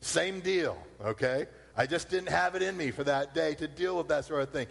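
A man preaching a sermon, slowing down to repeat his key points. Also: fairly high pitch, creaky. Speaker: pastor. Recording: long hall reverb.

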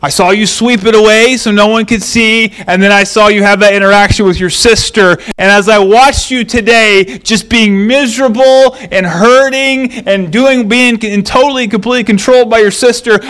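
A man voicing a knowing, patient old grandmother in a gentle, lifted voice. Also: high-pitched, clean tone, pitched above the performer's own voice.

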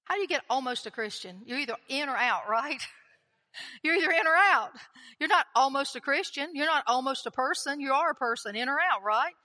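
A woman's voice: high-pitched, lively intonation, fairly quick, hardly any pauses, pushed and bright. A woman preaching a sermon in a chatty, conversational way, often putting questions to the congregation. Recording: long hall reverb.

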